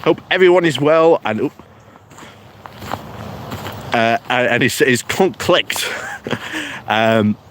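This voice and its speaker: An Englishman streaming live while out on a morning walk, talking in a loose, rambling way and chuckling often as he greets viewers by name. His pitch sits at an ordinary middle level. A faint noise hangs behind the voice. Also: lively intonation, slow pace, pauses often, fairly bright tone. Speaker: political vlogger reading live chat. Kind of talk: casual live-stream commentary.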